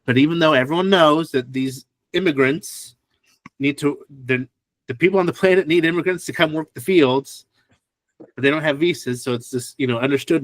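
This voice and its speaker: A man co-hosting a podcast in casual chat, relaxed and explanatory. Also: mid-range voice, no echo. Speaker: podcast co-host.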